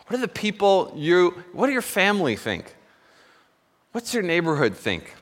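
A man's voice: high voice, huge pitch swings, normal speed, long reverb tail. A man preaching a sermon as pastor, telling stories in a conversational way at a church service. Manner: storytelling, conversational with self-corrections.

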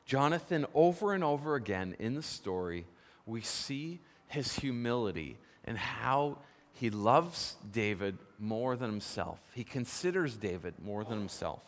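A man preaching a sermon, telling a story with lively emphasis and posing questions to the congregation. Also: mid-range voice, unhurried. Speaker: pastor. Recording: long reverb of a large hall.

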